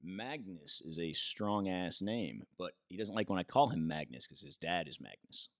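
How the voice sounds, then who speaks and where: A man's voice: low-pitched, lively intonation, normal speed, dry recording, studio quality. A middle-aged American man co-hosting a casual chat, laughing often, swearing freely and restarting his sentences. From United States. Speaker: podcast co-host.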